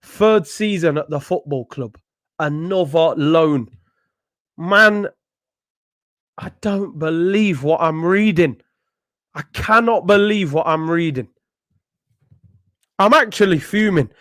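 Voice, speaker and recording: A man's voice: on the high side, slow pace, pauses often, a bit bright, dry recording, clean studio sound. A young man ranting in exasperation as a football channel host, repeating himself in disbelief. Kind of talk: ranting vlog commentary.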